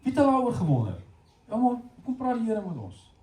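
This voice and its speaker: A middle-aged man with a South African accent preaching a sermon, telling stories in an animated way and talking straight to the congregation. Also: extremely high pitch, a little fast. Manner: animated storytelling, addressing the congregation directly. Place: church hall. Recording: echoey hall from far off.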